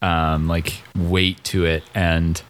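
A man's voice: low voice, little pitch movement, slow pace. A man co-hosting a podcast in casual chat, wry and teasing. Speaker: podcast co-host.

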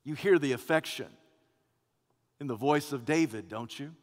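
A man preaching a sermon in a church sanctuary, dramatic and swinging between loud passages and hushed ones. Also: medium pitch, moderate pace. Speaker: pastor. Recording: long reverb of a church hall.

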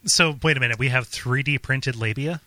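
A man's voice: medium pitch, fairly quick, bright, forceful tone, no room sound. A man co-hosting a podcast in casual chat, stammering and repeating his words and laughing often. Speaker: podcast co-host.

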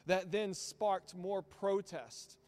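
A man, a pastor, preaching a sermon in a church, moving between hushed storytelling and loud, emphatic peaks. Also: high-pitched, slow. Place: church sanctuary.

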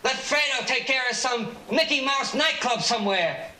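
An actor playing a whiny, insecure younger brother, aggrieved and pleading in a film scene. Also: male voice, extremely high pitch, animated, moderate pace, sharp tone, exaggerated voice. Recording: roomy film soundtrack.

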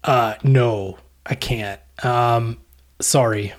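A man co-hosting a podcast in casual chat, telling a travel story with deadpan jokes and a rambling manner. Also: medium pitch, extremely slow. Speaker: podcast co-host.

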